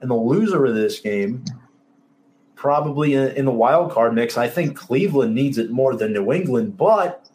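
A man's voice: medium pitch, animated, moderate pace, darkish tone. Emphatic, sarcastic male sports host. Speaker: sports talk show host. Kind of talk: casual sports podcast chat.

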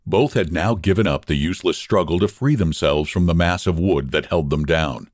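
A man narrating a story in an expressive, measured reading. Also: sits low, no echo, studio quality.

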